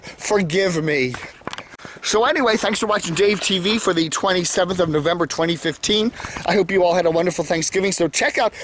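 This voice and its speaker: A man's voice: high-pitched, slight background noise. A middle-aged man hosting his own vlog, rambling opinions while walking outdoors in the woods, self-assured and opinionated. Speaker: vlog host. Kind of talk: casual opinion monologue.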